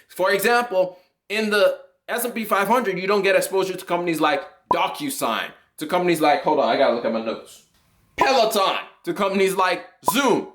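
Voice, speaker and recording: Brief: young male finance explainer, high-pitched and excitable, casual and playful. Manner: animated, jokey, occasionally shouts with excitement. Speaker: finance YouTuber.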